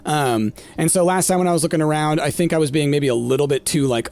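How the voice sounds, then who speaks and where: Speaking fast with hardly any pauses, this male streamer has a slightly high, somewhat mellow voice. He casually comments on the game he's playing, chatting with viewers and thinking aloud through plenty of filler words.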